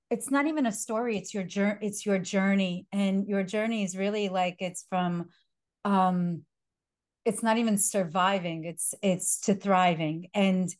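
A woman's voice: mid-range voice, a little mellow. Woman host, earnest, kinda emphatic, um-ing a bit. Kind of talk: emotional interview talk.

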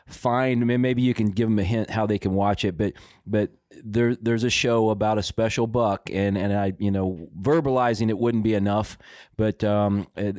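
A man's voice: lowish voice, a little mellow, dry recording, studio quality. A man hosting an interview, talking eagerly and stumbling over his words. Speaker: podcast host. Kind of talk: casual interview.

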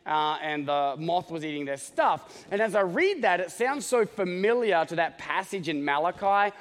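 A man preaching a sermon as pastor, joking and animated, often checking in with the congregation with "okay?". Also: fairly high pitch, big-room sound. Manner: joking, animated, talks straight to the congregation with many "okay?" asides.

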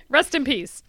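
A woman's voice: high-pitched, sharp tone. A woman hosting a quiz on a casual podcast, teasing and laughing as she reads the questions. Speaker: podcast co-host, quizmaster. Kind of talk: casual chat.

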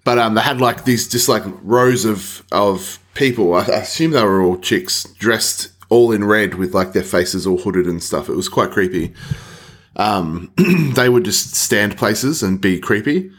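A man's voice: fairly low pitch, measured pace. A man rambling through a story on a casual podcast, swearing and laughing as he goes. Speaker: podcast co-host. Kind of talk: casual chat. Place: Melbourne apartment.

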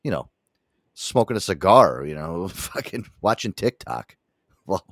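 A man's voice: low voice, unhurried, dry recording, clean studio sound. A man with a New York accent hosting a casual podcast chat, swearing freely and laughing often. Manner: profane, animated, laughs often. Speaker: podcast host.

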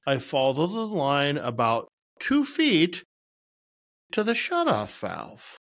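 This podcast regular speaks slowly in a high-leaning, slightly bright voice with huge swings in pitch. He rambles through profane, self-mocking anecdotes about his job in a relaxed storytelling style.

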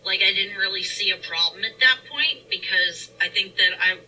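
A woman's voice: medium pitch, moderate pace, sharp tone, far from the mic, faint music behind, low-quality recording. A young woman co-hosting, frankly telling her own story in casual chat, recorded inside a car. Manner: frank, self-deprecating. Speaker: podcast co-host. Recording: voice a bit off-mic with faint hiss.

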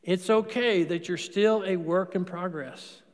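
A man with a notably high voice preaches a sermon as a priest. He keeps it conversational, asking the congregation questions and answering them himself. His words ring out with a long reverb, as in a large church. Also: measured pace. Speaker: Catholic priest.

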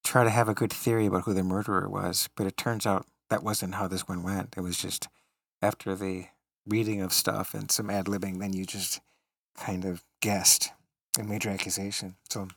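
Low, gravelly-voiced man chatting casually. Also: little pitch movement, moderate pace, a bit bright, no echo, clean studio sound. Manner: chatty storyteller who laughs often. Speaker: podcast co-host. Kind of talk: casual chat.

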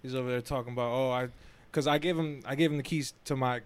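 A man's voice: medium pitch, steady tone, fast, clear, resonant tone. A man co-hosting a casual podcast, telling a story animatedly and swearing freely. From Florida, USA. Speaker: podcast co-host. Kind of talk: casual chat.

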